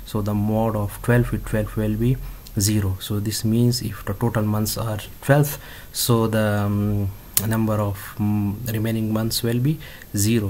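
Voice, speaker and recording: A man talks through a coding lesson at a slow, unhurried pace, stopping often on fillers and restarting his phrases. His voice sits fairly low and stays level, with little rise and fall. A faint hiss and keyboard clicks run behind him. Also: darkish tone. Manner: halting, many fillers and restarts. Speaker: instructor. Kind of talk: screen-recorded coding tutorial.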